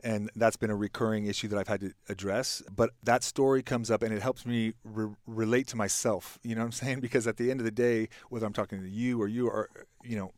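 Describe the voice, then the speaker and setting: A man's voice: on the low side, steady tone, brisk, few pauses, no echo, studio quality. A middle-aged man talking as a podcast guest, telling a reflective story with lots of restarts and fillers. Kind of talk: casual podcast conversation.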